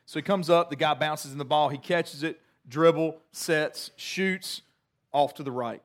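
Middle-aged man, pastor, sermon; chatty, animated storyteller, slightly high voice. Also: moderate pace.

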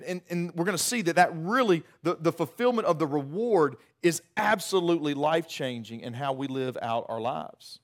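A middle-aged man, preaching a sermon in a conversational, animated way with many restarts. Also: a little high. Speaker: pastor.

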